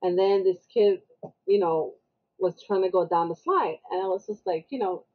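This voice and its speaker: Husky woman on a podcast telling a story, acts out everybody, kinda muffled lo-fi sound. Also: fairly low pitch, moderate pace. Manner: animated, acts out the people she quotes. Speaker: podcast guest. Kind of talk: casual storytelling chat.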